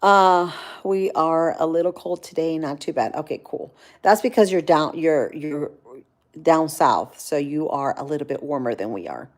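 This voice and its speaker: A woman with a deep voice talks at a normal pace while casually chatting on her livestream. She reads viewers' comments out loud and responds to them, sounding chilled from the cold.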